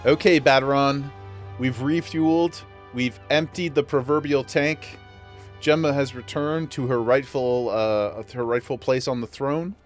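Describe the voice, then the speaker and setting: A man's voice: mid-range voice, fairly even intonation, measured pace, soft background music. A man streaming a game, chatting casually to chat in a playful, self-mocking way. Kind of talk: casual gameplay commentary.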